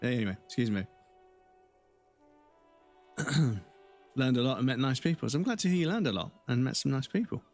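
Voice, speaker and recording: A man's voice: medium pitch, expressive, fairly quick, pauses often, darkish tone, soft background music. A man streaming a game, chatting casually and rambling, swearing and greeting viewers. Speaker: live streamer. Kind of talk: casual chat over gameplay.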